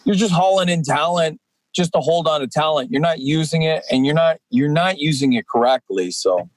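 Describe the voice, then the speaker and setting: Man, forties, rambling and energetic, high-ish voice, dry recording. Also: fairly quick, no room sound. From Canadian East Coast. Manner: rambling, energetic, many fillers. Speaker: guest, professional wrestler. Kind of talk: casual podcast chat.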